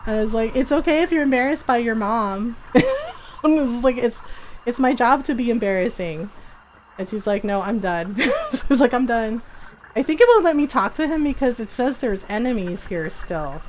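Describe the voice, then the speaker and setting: A woman's voice: fairly high pitch, lively intonation, normal speed, darkish tone, slight background noise, rough recording. A woman in her forties chatting casually while streaming a game, telling stories with frequent giggles. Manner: giggly storytelling. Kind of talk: casual gameplay chat.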